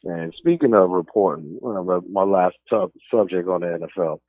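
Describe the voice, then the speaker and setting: Brief: streetwise New York sports radio host, opinionated rant, deep-ish voice, dry phone-quality sound. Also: male voice, normal speed, dry recording. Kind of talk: casual sports talk radio. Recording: dry, phone-like narrow band.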